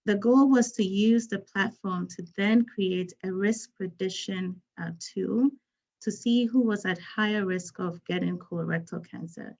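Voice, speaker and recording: A woman's voice: medium pitch, measured pace, gravelly, a little mellow, highs cut off. A woman from Ghana, a physician speaking on a panel, telling her story in an earnest, emphatic way. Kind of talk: panel talk.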